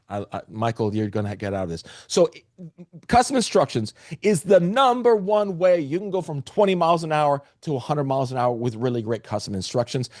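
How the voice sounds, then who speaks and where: A man's voice: mid-range voice, a little mellow, no echo, clean studio sound. A man presenting a live webinar, talking to the chat with energy and restarting phrases often.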